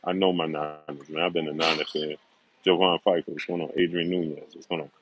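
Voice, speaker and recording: A middle-aged sports talk host runs a livestream, greeting viewers by name and making confident, emphatic predictions, often repeating himself for emphasis. His voice is a rumbling low with little pitch movement, a bit bright and a little fast, on a low-quality recording.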